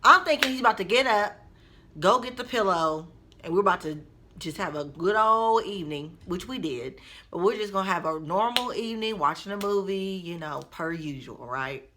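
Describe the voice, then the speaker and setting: A woman telling a story to her viewers in a casual vlog, chatty and expressive, talking straight to her audience. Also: lowish voice, moderate pace, slight background noise. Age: adult mother. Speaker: vlogger.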